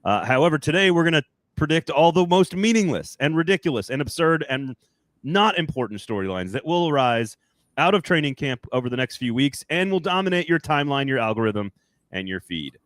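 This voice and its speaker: A man's voice: fairly high pitch, sing-song, fairly quick, a bit bright, dry recording. A man hosting a sports podcast, casual and rambling, often correcting himself mid-sentence. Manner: chatty, rambling, self-correcting. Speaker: podcast host.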